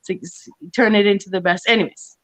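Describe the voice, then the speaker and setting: A woman's voice: medium pitch, fairly even intonation, fast talker, a bit bright. A woman talking casually on an online panel, rambling with many restarts and frequent laughs. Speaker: panel guest.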